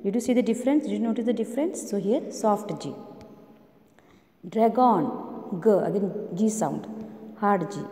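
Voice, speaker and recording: A woman's voice: mid-range voice, lively intonation, mellow. Echoey woman teaching phonics. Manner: slow, repetitive, drilling sounds with many questions. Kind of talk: online phonics lesson for young children. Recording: roomy echo with long reverb.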